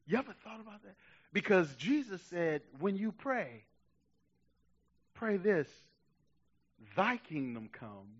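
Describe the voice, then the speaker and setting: A man preaching a sermon with passion, dropping to a hush and then rising to shouts, urging his listeners on. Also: high voice, very animated, slow pace, pauses often, slightly rough, highs cut off. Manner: impassioned preaching, swinging from hushed to shouting. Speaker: pastor.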